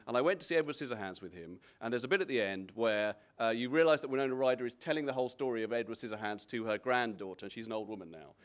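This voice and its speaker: A man, a comedian, telling anecdotes in a relaxed, reflective way, often restarting his sentences. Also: mid-range voice, very fast, few pauses. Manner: rambling, self-interrupting, reflective. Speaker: guest comedian.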